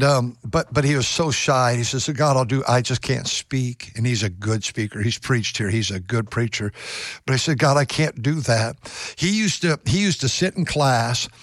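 A man's voice: medium pitch, dry recording, studio quality. An older man, a pastor giving an earnest radio devotional sermon, often restarting and repeating his words. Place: church pulpit.

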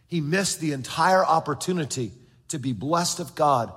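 A man preaches from the pulpit of a large church, his voice a little higher than most and noticeably husky. He talks earnestly, stumbling over repeated words and acting out the voices in his stories, while the long reverb of the sanctuary rings behind him. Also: expressive, normal speed, fairly bright tone. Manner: acts out quoted voices in storytelling. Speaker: pastor. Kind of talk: sermon.

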